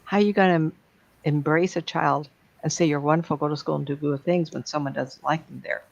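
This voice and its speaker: A woman's voice: low-pitched, steady tone, brisk, gravelly. A woman speaking as a psychic medium, giving a blunt, plain-spoken talk to an audience. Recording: dull lo-fi sound.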